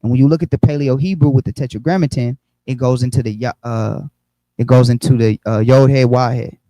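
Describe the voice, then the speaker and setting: A man's voice: medium pitch, steady tone, a little fast, mellow, dry recording, rough recording. A man teaching a Bible lesson on a livestream, explaining step by step and checking in often with "okay?" and "right?", with frequent fillers. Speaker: religious teacher.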